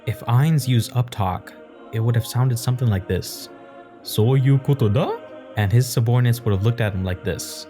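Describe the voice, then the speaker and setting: A man calmly explaining his points in an analytical video essay. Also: mid-range voice, fairly quick, faint music behind.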